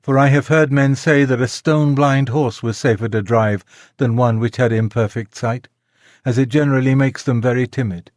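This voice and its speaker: A man narrating a classic children's novel in a measured, gentle storytelling manner. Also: mid-range voice, steady tone, no room sound, studio quality. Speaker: audiobook narrator. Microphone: close studio mic, dry.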